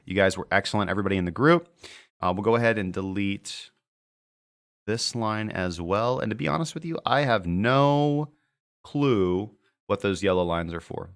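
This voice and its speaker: A man's voice: on the low side, expressive, normal speed, a bit bright, clear, resonant tone. A young man hosting a casual live market-analysis stream, chatty and joking as he reads viewer comments aloud. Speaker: crypto trading livestream host.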